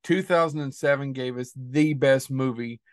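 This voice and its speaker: A man's voice: mid-range voice, moderate pace, no room sound. A man hosting a movie podcast, upbeat and enthusiastic in casual chat. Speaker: podcast host.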